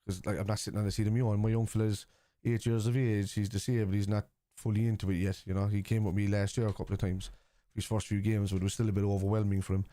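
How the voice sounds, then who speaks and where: A man's voice: on the low side, little pitch movement, quick pace, hardly any pauses, dark tone, dry recording. A man, hosting a live football watchalong and answering viewers bluntly, with plenty of swearing. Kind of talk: live stream chat reacting to viewers.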